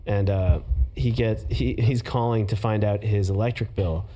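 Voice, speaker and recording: Lower-pitched man, dark and relaxed. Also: moderate pace. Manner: animated, acts out bits while telling stories. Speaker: comedy writer guest. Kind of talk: casual chat.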